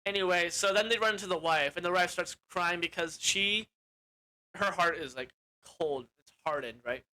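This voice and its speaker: Rambling, bright-voiced film reviewer. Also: medium pitch, normal speed, poor audio. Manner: rambling, with frequent self-corrections and swearing. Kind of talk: casual plot recap.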